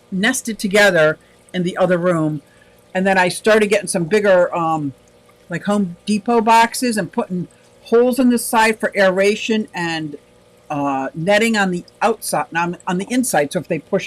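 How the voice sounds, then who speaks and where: A man's voice: high voice, a bit bright, low-quality recording. A man hosting a casual livestream, chatting in a rambling, upbeat way and answering viewer comments aloud. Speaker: livestream host.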